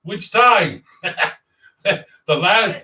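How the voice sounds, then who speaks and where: A man's voice: high-pitched, lively intonation, extremely slow, sharp tone. Joking male host in an echoey room. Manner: joking, interrupting. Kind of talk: casual chat. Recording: echoey room, distant mic.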